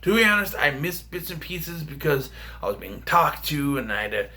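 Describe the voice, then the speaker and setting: A man's voice: fairly high pitch, big pitch swings, normal speed, pushed and bright. A man casually reviewing a film for a vlog, rambling and chatty with lots of fillers and restarts. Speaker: movie reviewer.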